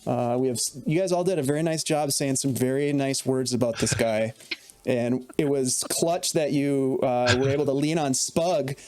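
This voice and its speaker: A man narrating as dungeon master in a relaxed, chatty way, with many fillers. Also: mid-range voice, moderate pace, slight background noise. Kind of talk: narrating a tabletop game.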